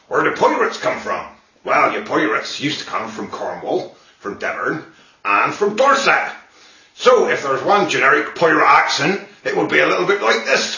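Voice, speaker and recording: Playful man touring accents, lively pitch. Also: moderate pace, recorded from a distance. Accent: British English. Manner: playful, mock-lecturing. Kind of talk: comic accent tour. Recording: roomy, dull lo-fi 2008 video.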